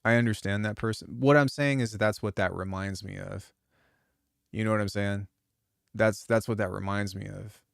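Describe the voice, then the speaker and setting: A man's voice: fairly low pitch, steady tone, moderate pace, gravelly, dry recording, studio quality. A man who produces music, chatting casually on a live stream, rambling and swearing freely with lots of restarts. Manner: rambling, profane, frequent restarts.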